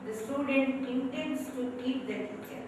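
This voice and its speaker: A woman lecturing slowly and in a measured way on English grammar at a training session. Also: high-pitched. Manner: slow, measured classroom explanation. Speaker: communication skills trainer. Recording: echoey hall from far off, faint noise.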